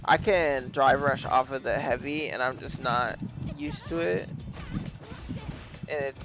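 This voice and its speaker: A young man streaming a fighting game, talking casually with lots of swearing, rambling between low mutters and loud frustrated rants. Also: unhurried, music in the background. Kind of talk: casual commentary while playing a fighting game.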